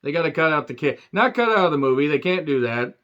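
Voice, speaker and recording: A man's voice: a little high, lively intonation, quick pace, fairly bright tone, dull audio. A man giving a sarcastic, rambling movie review rant full of asides.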